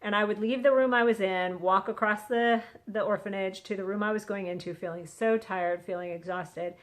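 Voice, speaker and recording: A woman's voice: medium pitch, steady tone, moderate pace. A middle-aged woman talking earnestly into a phone on a selfie stick, sharing a casual Christian encouragement. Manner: chatty, earnest, acts out quotes. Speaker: vlogger sharing a devotional.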